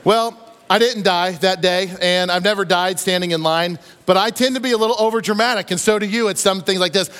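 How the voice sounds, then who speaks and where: A married man preaching a sermon, telling stories and acting out the quotes in an animated way. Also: sits high, fairly quick, smooth. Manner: animated storytelling, acts out quotes. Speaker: pastor. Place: church sanctuary. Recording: long reverb of a church hall.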